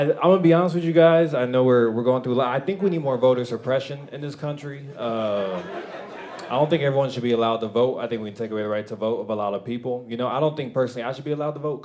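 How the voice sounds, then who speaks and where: A man performing a stand-up comedy set, loud and animated, often laughing at his own jokes. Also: mid-range voice, quick pace, highs cut off. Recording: live club with crowd laughter. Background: audience laughing and clapping.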